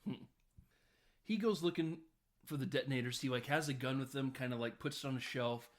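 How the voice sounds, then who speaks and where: A man's voice: medium pitch, fairly quick. Chuckling man recapping a film. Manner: rambling, chuckling, lots of fillers. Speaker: podcast host.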